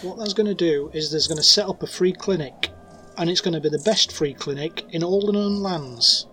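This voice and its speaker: A man's voice: a little high, normal speed, pushed and bright, a little hiss or hum. Man playing a stern rustic halfling. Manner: put-on old-fashioned rustic speech. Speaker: player. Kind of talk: in-character tabletop play.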